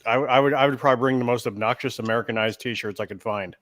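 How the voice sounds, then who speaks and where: A male co-host joins the stream with quick jokes, often aimed at himself. His voice sounds dry and close, with no room around it. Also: mid-range voice, fairly bright tone, dry recording. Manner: joking, self-deprecating, laughs. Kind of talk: casual live stream chat.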